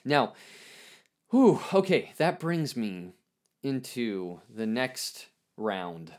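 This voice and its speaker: A man's voice: on the low side, lively intonation, drawn-out words. A man hosting a reflective spiritual podcast, thinking aloud with frequent fillers, restarts and wry self-mocking asides. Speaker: podcast host.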